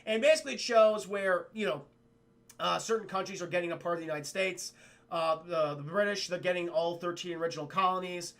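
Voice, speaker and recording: A man recapping a film scene by scene for his live stream chat, animated and profane, mimicking characters as he goes. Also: high voice, a little fast.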